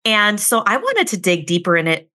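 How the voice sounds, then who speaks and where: A woman's voice: mid-range voice, huge pitch swings, normal speed, bright, forceful tone. A woman therapist hosting a podcast interview, speaking in an effusive, conversational way.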